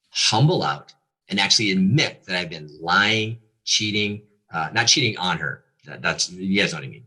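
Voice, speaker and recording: A man who is a pastor gives an earnest, confessional personal testimony as a guest, halting now and then with fillers. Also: low voice, pushed and bright, husky.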